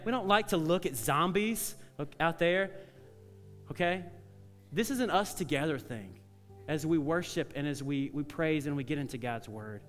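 A male pastor preaching a sermon, telling stories in a conversational way and dropping to soft, earnest tones. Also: sits high, in a large hall. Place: church sanctuary.

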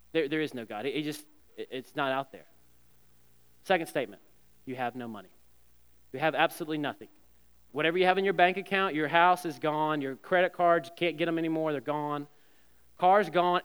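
A pastor in his thirties preaches an earnest sermon in a church sanctuary, frequently stumbling over repeated words. His voice sits on the high side, smooth and fairly bright, with the long reverb of a church hall around it.

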